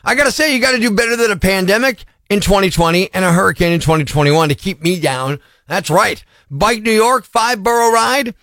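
A brash, boastful morning radio host with a notably high voice tells his tale in quick, punchy bursts. The sound is dry and close, with no room around it. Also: fairly bright tone, no echo. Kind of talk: energetic radio storytelling. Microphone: studio microphone.

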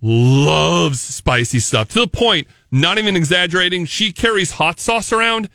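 A male morning radio host in jokey, playful banter with his co-host. His voice sits high and bounces all over, with a bright, forward tone. The studio sound is close and dry. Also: lively intonation, moderate pace, gravelly, no echo.

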